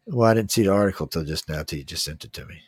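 A man's voice: low voice, racing, husky, dry recording, studio quality. Blunt rambling man, casual chat. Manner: rambling, blunt, swears, trails off mid-sentence. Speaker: host of a casual news talk stream. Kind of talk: casual political chat reading headlines.

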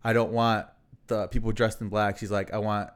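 A man co-hosting a casual podcast, speaking in a smooth, clean voice. He talks in a loose, rambling way, with lots of fillers and swearing as he tells his story. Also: fairly low pitch, level tone, moderate pace. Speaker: podcast co-host.

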